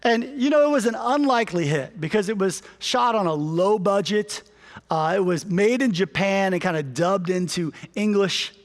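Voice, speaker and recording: A man's voice: high voice, in a large hall. A man preaching a sermon as pastor, telling stories and moving into earnest appeals. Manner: storytelling, shifts from lively anecdote to earnest preaching. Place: church sanctuary.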